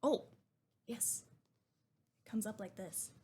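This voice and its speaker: A young woman streamer chatting excitedly while unboxing, gushing and talkative. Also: mid-range voice, slow pace, breathy edge.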